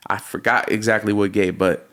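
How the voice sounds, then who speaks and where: A man in his thirties, a music producer and podcast guest, telling his story in a lively, slangy way and calling the host bro. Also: on the low side, normal speed. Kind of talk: casual storytelling interview.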